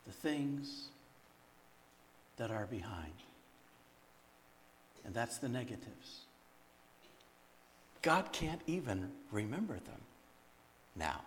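Brief: male guest speaker, reflective sermon storyteller, middle-pitched voice. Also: a little hiss or hum.

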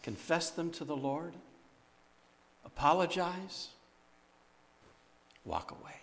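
A man's voice: on the high side, lively intonation, takes it slowly, creaky, a bit bright. A man who sings and speaks at church events, telling stories in a sermon and delivering them reflectively. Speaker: guest speaker and singer. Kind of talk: sermon storytelling.

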